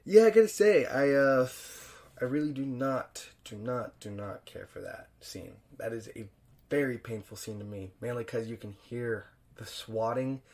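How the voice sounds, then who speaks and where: A man's voice: medium pitch, moderate pace. Young man, loose, profane podcast chatter. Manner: loose and profane, chuckling, swinging up loud for emphasis. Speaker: podcast host. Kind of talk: casual solo film review.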